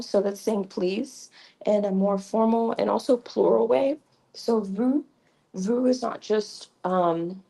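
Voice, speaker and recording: A woman's voice: mid-range voice, gravelly, warm tone, low-quality recording. A woman hosting a casual livestream lesson, chatty and repetitive with many ums and restarts, on a slightly fuzzy mic. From Creole. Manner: chatty, repeats phrases, frequent ums and restarts. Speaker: livestream host teaching basic French. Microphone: new mic with a fuzzy sound.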